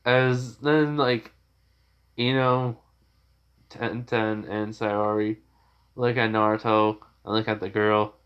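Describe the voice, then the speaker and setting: Male narrator, casual rambling fan-story telling, unhurried. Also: fairly low pitch, level tone, clean tone, muffled recording. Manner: rambling, many fillers and restarts.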